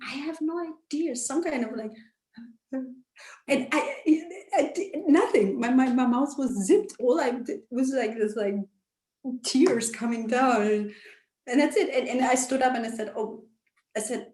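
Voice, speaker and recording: A woman telling a personal story in a casual interview, emotional and halting, with many restarts, over a video call. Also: fairly high pitch, darkish tone, roomy sound, a little hiss or hum. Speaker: interview guest, actress.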